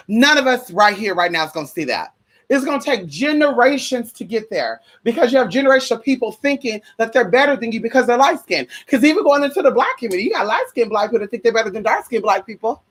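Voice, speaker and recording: A woman vlogs a fiery, profane rant straight to her viewers, full of sass and repeated rhetorical questions. Her voice is husky and a bit high. Her pitch swings widely. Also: sing-song, fast talker. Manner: profane, heated, sassy. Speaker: vlogger. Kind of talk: ranting monologue to viewers.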